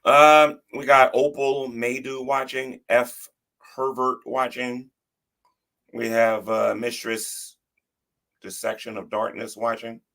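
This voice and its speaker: A man's voice: medium pitch, little pitch movement, takes it slowly, a bit bright. A man hosting a livestream who gives casual, defensive commentary and often repeats himself and restarts his sentences.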